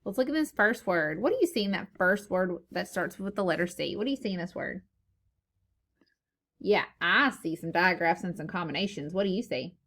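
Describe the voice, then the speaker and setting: A woman teacher leading a phonics lesson for young children, slow and encouraging, sounding out words syllable by syllable. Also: fairly low pitch, lively intonation, a bit bright. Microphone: recorded lesson video.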